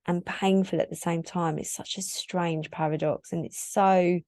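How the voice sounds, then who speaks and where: A woman in her thirties with a fairly low voice talks openly and reflectively as a podcast host, wandering through her thoughts and filling her sentences with "like". Her voice sounds close and dry, with no room echo. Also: steady tone, moderate pace, a little mellow. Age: 30s. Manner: candid, reflective, rambling with frequent "like" fillers. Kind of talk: solo podcast monologue.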